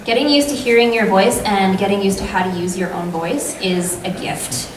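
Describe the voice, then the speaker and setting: A chatty woman voice actor fields audience questions on a convention panel. She is heard from a distance in a large, echoey hall. Steady crowd noise fills the background. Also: mid-range voice, normal speed.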